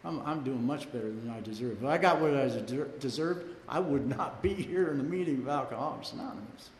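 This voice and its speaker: A man's voice: mid-range voice, a little fast, a little hiss or hum. A man sharing his personal story at a recovery meeting, rambling and conversational, often saying "you know" and laughing through his anecdotes. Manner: laughs while telling stories. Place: meeting room. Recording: echoey hall, faint room ambience.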